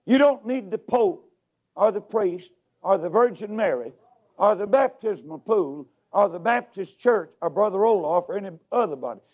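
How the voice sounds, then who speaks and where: Fiery preacher with wild pitch swings. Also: male voice, animated, moderate pace, muffled recording. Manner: shouting, sing-song swoops between loud highs and hushed drops. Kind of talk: revival sermon.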